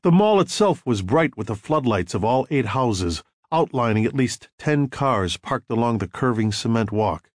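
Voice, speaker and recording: A male audiobook narrator reading in a measured storytelling manner at a mid pitch. His intonation rises and falls in a lively way, and the recording is close and dry. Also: no room sound. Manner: measured storytelling with acted dialogue.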